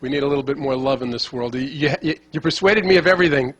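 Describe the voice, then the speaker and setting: A man's voice: medium pitch, quick pace, fairly bright tone. A man interviewing a guest, pressing him with follow-up questions and stumbling over repeated words as he asks.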